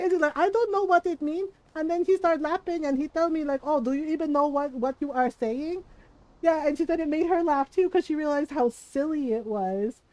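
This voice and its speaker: A woman streaming from home, a native Tagalog speaker, telling a family story in casual chat, animated, laughing often and swearing freely. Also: high-pitched, dry recording, rough recording. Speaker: livestream host.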